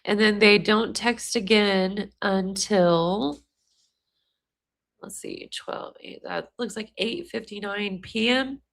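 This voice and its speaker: A woman's voice: mid-range voice, slow, vocal fry. Chatty woman hosting a live stream. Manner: chatty, addresses viewers directly. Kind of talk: casual live-stream commentary.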